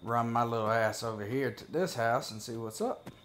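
A man's voice: medium pitch, normal speed, a bit bright, faint music behind. A man giving casual, profane gameplay commentary as a gaming video creator, joking and talking to himself as he plays.

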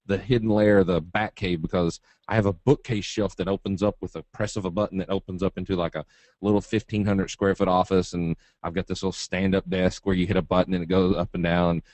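Kentucky guy w/ a southern drawl, folksy jokey webinar talk, lowish voice, dry sound. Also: level tone, brisk, a little mellow, no echo. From Eastern Kentucky. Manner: folksy, joking, straight-talking. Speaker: trading webinar presenter. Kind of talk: live webinar presentation.

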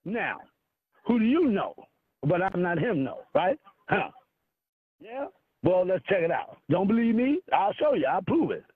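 A man's voice: high-pitched, big pitch swings, unhurried. A man preaching a combative, profane monologue to an audience, firing rhetorical questions at his listeners. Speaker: self-styled spiritual leader. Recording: tinny phone-like radio broadcast.

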